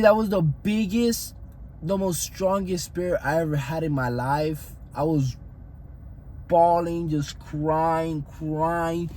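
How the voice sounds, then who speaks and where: Earnest high-voiced young man testifying. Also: a little mellow, slight background noise. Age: young adult. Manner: earnest, repetitive, rambling storytelling. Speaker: fitness coach vlogger. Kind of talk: personal faith testimony.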